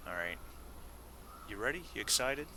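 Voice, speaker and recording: A man's voice: mid-range voice, expressive, moderate pace, noisy background. A man running a tabletop game as game master, often restarting his phrases.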